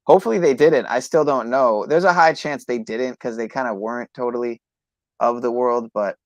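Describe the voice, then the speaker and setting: A man hosting a livestream podcast, chatting casually in a rambling, hesitant way that trails off quietly. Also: medium pitch, no room sound, muffled recording. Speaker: podcast host.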